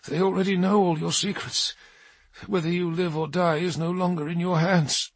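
A man's voice: sits high, steady tone, normal speed, dry recording, voice pushed up. A man voicing a wounded, proud male warrior who answers in a strained, defiant tone.

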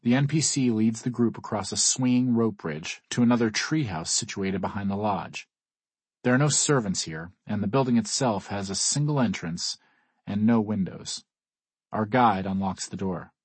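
Husky low-voiced male audiobook narrator. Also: moderate pace, dry recording. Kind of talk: first-person audiobook narration.

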